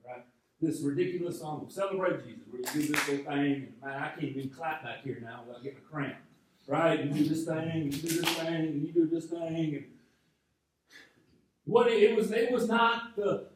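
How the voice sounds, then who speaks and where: A male pastor telling a personal story in a conversational sermon, often restarting his phrases, from North Georgia. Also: a little high. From North Georgia, USA. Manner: conversational storytelling with frequent repeated starts. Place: large church sanctuary. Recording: very echoey hall, voice from a distance.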